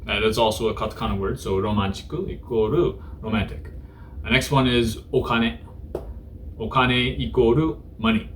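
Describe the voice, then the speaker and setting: A man's voice: mid-range voice, normal speed, slight background noise. A man hosting a casual Japanese vocabulary lesson, talking in a laid-back, joking way with many fillers. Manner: joking, irreverent. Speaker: host teaching Japanese through news.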